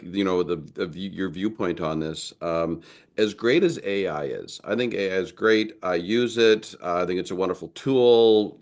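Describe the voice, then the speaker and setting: A man hosting a podcast interview, talking in an earnest, rambling way with lots of fillers. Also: deep voice. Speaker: podcast host. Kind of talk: casual interview.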